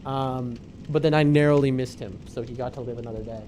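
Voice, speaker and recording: A man's voice: mid-range voice, steady tone, brisk, noisy background. Joking man streaming a game. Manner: joking, playful, talks back to the game. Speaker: livestream gamer host. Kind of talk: casual gaming stream commentary.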